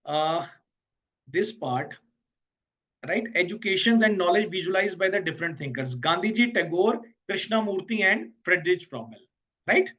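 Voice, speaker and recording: A man's voice: sits high, animated, quick pace, a bit bright. Indian man teaching exam prep, dull audio. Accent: Indian English. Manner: mixes Hindi and English, checks in with "okay?" and "right?". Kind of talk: exam preparation lecture.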